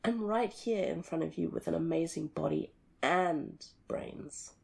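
A woman playing the listener's girlfriend in an audio role-play, talking in an expressive, conversational way that swings between loud and hushed. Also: low-pitched, moderate pace, vocal fry, breathy edge. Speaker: girlfriend character addressing the listener.

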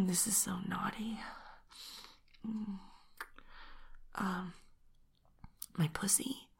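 Whispered role-play, woman playing a bold flirty temptress, very slow drawl, husky breathy tone. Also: medium pitch, steady tone, full character voice. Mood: breathless, intimate. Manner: teasing, playful, sneaky whispering with soft giggles.

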